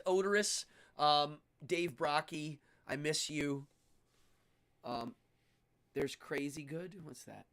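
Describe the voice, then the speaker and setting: Excitable male livestream host. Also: a little high, slow, long pauses. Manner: excitable, chatty. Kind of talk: casual livestream chat.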